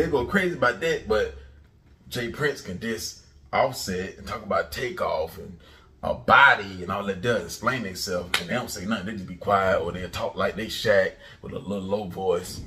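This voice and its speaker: A man hosting a commentary channel, ranting and taunting loudly, often jumping into a high mocking pitch. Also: normal speed, recorded from a distance, slight background noise.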